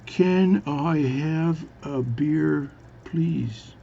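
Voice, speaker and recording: A man voicing a naive Newfoundland traveller in a spoken joke, in a raised, higher voice. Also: fairly quick, creaky, a little mellow, slightly rough, lo-fi sound.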